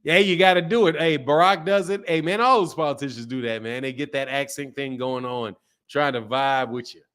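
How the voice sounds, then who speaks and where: A man's voice: medium pitch, a little fast, fairly bright tone, clean tone. A man hosting a live stream in loose, casual chat, joking, laughing often and answering viewers' comments.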